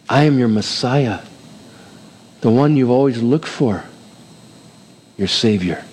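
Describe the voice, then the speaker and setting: A man preaching a sermon in an animated way, acting out the voices in the scripture he reads. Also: medium pitch, takes it slowly, long pauses, husky. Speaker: pastor. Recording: hall reverb.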